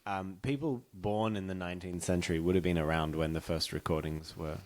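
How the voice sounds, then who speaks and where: A man's voice: low-pitched, steady tone, brisk, a little mellow. A man chatting casually as a podcast guest, thinking aloud with fillers. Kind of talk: casual movie chat.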